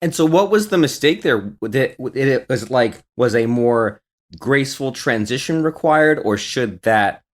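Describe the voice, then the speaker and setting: A man's voice: medium pitch, animated, measured pace. A man hosting an interview, asking questions casually and rephrasing them as he thinks aloud. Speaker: podcast host.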